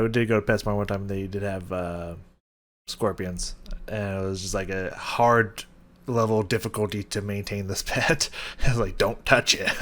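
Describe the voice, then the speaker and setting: A man's voice: lowish voice, gravelly, a bit bright. A man hosting a music reaction video, talking loosely with lots of fillers, laughs and casual swearing. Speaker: music reaction channel host.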